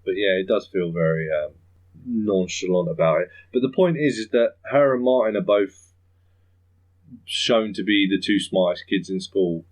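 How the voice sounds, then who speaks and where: A man hosting a podcast in casual chat, rambling, chuckling often and slipping into quick impressions. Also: low-pitched, low-quality recording. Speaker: podcast host.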